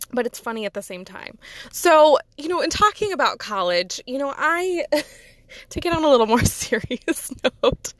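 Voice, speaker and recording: A woman's voice: medium pitch, no room sound. A woman, chatting casually and rambling, laughing often at herself. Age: 30s. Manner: giggly, rambling, self-deprecating. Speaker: podcast host. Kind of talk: casual personal chat.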